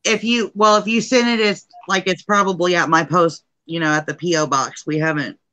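Bright-voiced chatty woman laughing often. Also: fairly low pitch, steady tone, brisk, dry recording. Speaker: crafter on a live stream. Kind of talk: casual chat. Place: at home in her dining room.

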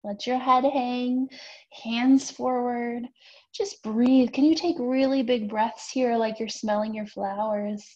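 A young woman leads a children's yoga class, with a fairly high voice and a slow, unhurried pace. She talks in a gentle, sing-song way, cheering the kids on through each pose. The sound is dull and lo-fi, like a home camera recording. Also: fairly even intonation. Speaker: kids' yoga teacher. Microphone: camera mic.

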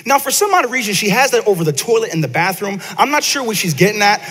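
A man's voice: high-pitched, sing-song, fast, fairly bright tone, slightly rough. A man preaching a casual, conversational sermon to his congregation, often repeating words and asking them questions. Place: church sanctuary. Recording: long church hall reverb.

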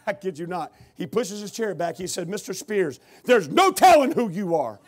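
A man preaching a revival testimony, telling his story with rising shouted intensity. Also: high-pitched, very animated, normal speed. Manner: storytelling, builds to loud shouting.

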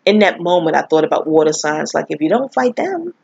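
New woman, husky, chatty and profane storyteller, dry lo-fi audio. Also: deep voice, very animated, brisk, darkish tone, dry recording. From New York. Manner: candid, profane, rambling storyteller who laughs often. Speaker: astrology vlogger. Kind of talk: casual spoken monologue. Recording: dull lo-fi audio.

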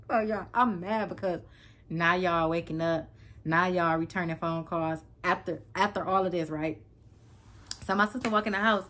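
Animated woman telling a story to camera. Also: lowish voice, moderate pace, a little hiss or hum. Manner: animated, emphatic, repeats herself, talks straight to viewers. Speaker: vlogger.

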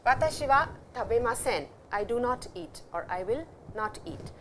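A woman teaching a language lesson, explaining slowly and repeating each example sentence. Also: a little high, expressive, a bit bright, slight background noise, low-quality recording. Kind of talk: classroom lecture.

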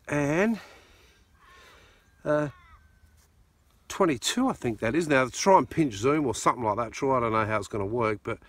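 A man's voice: medium pitch, fairly bright tone, dry recording. An Australian man hosting a metal detecting outing outdoors, chatty and joking, filmed on a phone. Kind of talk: casual chat. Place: dry field outdoors. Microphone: phone camera.

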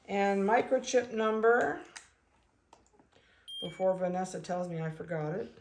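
A woman breeder narrating a casual video, chatting along and cooing softly to the animals she handles. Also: lowish voice. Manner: chatty, coos softly to puppies. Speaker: dog breeder.

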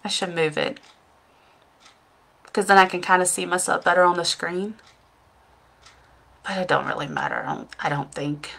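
A woman's voice: fairly low pitch, sing-song, normal speed, gravelly, pauses often, fairly bright tone. A middle-aged woman chatting at home in front of her webcam, telling a rambling, self-deprecating story and laughing at herself. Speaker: makeup seller and vlogger. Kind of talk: casual storytelling vlog.

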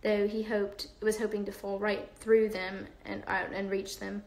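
A woman's voice: mid-range voice, little pitch movement, a little slow, darkish tone. Woman reading a novel aloud, roomy room. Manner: unpolished reading with fillers and self-corrections. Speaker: livestream host reading aloud.

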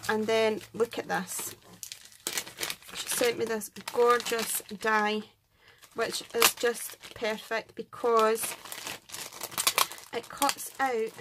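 A Scottish woman in a casual craft vlog who talks in an excitable, gushing way, thanking viewers and counting out items. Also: on the high side, a little hiss or hum. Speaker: craft vlogger. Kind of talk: casual chat unboxing and scoring craft entries.

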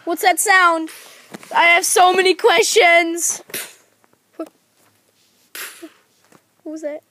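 A woman plays a frightened lady creeping through the dark with a flashlight, nervous and full of questions. Her voice is very high and bright, with slow, hesitant delivery over a faint hiss. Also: steady tone, exaggerated voice. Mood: scared, questioning. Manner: nervous, keeps asking questions.

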